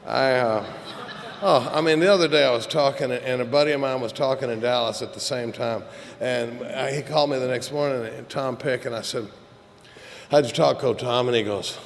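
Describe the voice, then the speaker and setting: A man's voice: medium pitch, moderate pace. A middle-aged man giving a candid, joking, profane talk at a recovery meeting, rambling with many fillers. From Texas. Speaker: AA speaker. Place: meeting hall. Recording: echoey hall recording with faint hiss.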